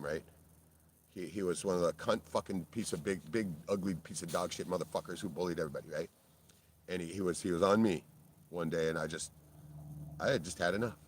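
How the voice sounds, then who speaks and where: A middle-aged man with a very low voice tells a rambling personal story full of swearing. He keeps checking in with "right?" and gets loud and worked up in bursts. A faint hum of room ambience sits behind him. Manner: profane, blunt, keeps tagging "right?". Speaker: video creator.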